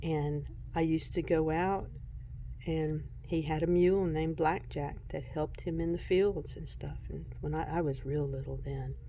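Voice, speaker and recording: A woman vlogging casually at home about her tarot decks, soft-spoken and unhurried, often breaking into giggles. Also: deep voice, steady tone, a little hiss or hum. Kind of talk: casual show-and-tell vlog.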